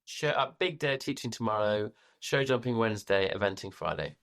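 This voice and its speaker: A man's voice: fairly low pitch, brisk, a crowd in the background. Polite man, brief replies. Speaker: riding instructor and podcast co-host. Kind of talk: casual chat.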